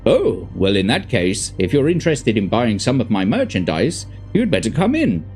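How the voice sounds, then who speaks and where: A man voicing a grumpy old male mage who runs a shop of magic wares, speaking gruffly and demanding answers. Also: on the low side, wildly swooping pitch, normal speed, darkish tone, faint music behind.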